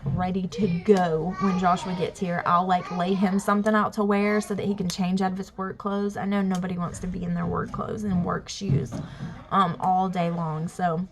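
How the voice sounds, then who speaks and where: A woman's voice: lowish voice, background noise. A young woman from the US South with a Southern drawl, chatting casually to camera at home in a rambling way, full of fillers and "y'all". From Alabama, US South. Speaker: family vlogger. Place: family home.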